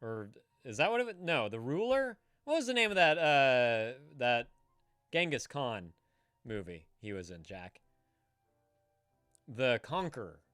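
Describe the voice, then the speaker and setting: Man, casual live-stream chat, swears a lot, animated, dry close sound. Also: medium pitch, a little slow, long pauses, clean tone, no room sound, soft background music. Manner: animated, swearing, bursts into loud shouted impressions. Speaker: streamer co-host.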